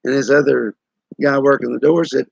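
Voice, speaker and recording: On his live stream, a man in his sixties with an East Tennessee Southern accent chats with viewers through drawling, folksy stories and frequent chuckles. His medium-pitched voice is steady and slightly rough with vocal fry, moving at a normal speed. The audio is dull, without room sound.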